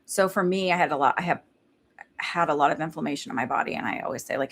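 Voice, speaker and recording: A woman's voice: low voice, quick pace, fairly bright tone, a little hiss or hum. A woman giving a psychic reading in casual live-stream chat, rambling with lots of fillers and laughing between thoughts. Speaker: psychic medium.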